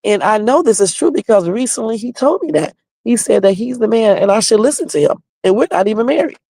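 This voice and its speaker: A woman's voice: fairly high pitch, lively intonation, a little fast, mellow, dry recording. A woman hosting her own livestream, bluntly and confrontationally sounding off while talking straight to her viewers. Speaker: livestream host. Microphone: home livestream setup.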